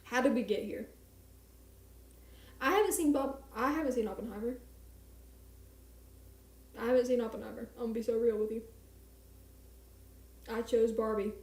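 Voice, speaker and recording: A woman's voice: a little high, moderate pace, long pauses, a little mellow, echoey room. A young woman streamer chatting casually and rambling, with a self-mocking manner, in a small home apartment at night. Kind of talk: casual live-stream chat.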